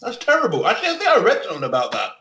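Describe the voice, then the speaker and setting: A man co-hosting a podcast in crude casual banter, excitable, swearing and eager to tell stories. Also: sits high, racing, reverberant, a little hiss or hum. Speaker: podcast co-host.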